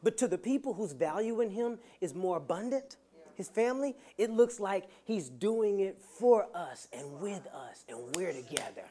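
A preacher giving a motivational sermon with playful humor, swinging from soft asides to loud, emphatic lines. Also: mid-range voice, expressive, moderate pace.

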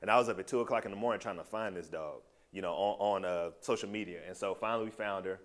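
A man sharing a personal testimony with a small group, telling his story in a loose, animated and heartfelt way. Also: deep voice, fast.

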